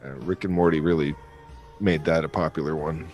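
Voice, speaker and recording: A man's voice: extremely low pitch, fairly even intonation, brisk, a little mellow, faint music behind. A man, maybe middle-aged, co-hosting a podcast in casual, profane chat, laughing often as he tells travel stories. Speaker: podcast co-host.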